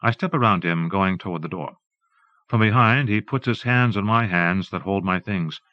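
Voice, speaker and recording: A man narrating a literary audiobook in a measured, even reading. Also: low voice, dry recording. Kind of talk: scripted narration. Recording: dull dry tape recording.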